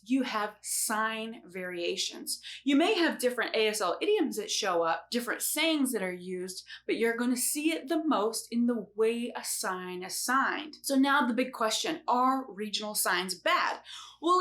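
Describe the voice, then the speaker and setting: A woman hosting a casual instructional vlog about sign language, upbeat and expressive, acting out the questions of confused learners. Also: a little high.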